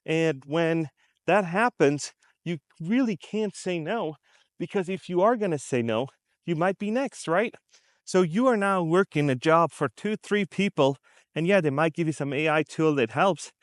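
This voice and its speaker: A man's voice: a little high, animated, a little slow, dry recording, studio quality. A man from the United States talking straight to his viewers in unscripted commentary, emphatic and conversational, repeating his points and acting out how people react. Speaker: commentary vlogger.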